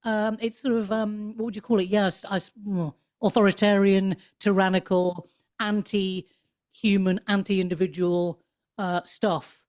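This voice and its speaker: Brief: woman in her fifties, podcast guest on a video call, lively delivery with mocking asides. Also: mid-range voice, unhurried. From United Kingdom. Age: 50s. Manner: animated, switches into mocking put-on voices. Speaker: podcast guest, comedian and author. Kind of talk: casual conversation.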